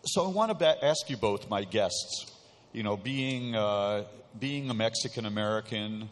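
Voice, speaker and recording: Male panel moderator, low voice, halting delivery, reverberant hall. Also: lively intonation, a little hiss or hum. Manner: halting, many fillers. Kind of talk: panel discussion.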